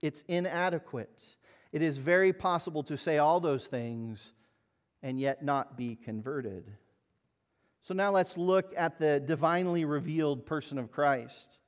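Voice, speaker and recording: A man's voice: fairly high pitch, measured pace. A man preaching a sermon in an earnest, emphatic way, asking the listeners pointed rhetorical questions. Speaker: pastor.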